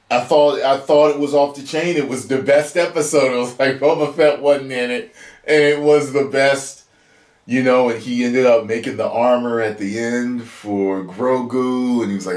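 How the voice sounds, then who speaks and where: A man's voice: lowish voice, unhurried, darkish tone. A man chatting casually and emotionally as he reviews a show he just watched. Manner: chatty, emotional, chuckles as he talks. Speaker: YouTube reaction reviewer. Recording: roomy echo.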